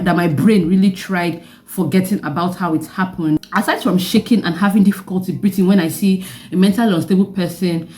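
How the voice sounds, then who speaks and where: In this vlog, a young woman with a Nigerian accent recounts something from her own life with lively energy and bits of laughter. Her pitch is fairly low.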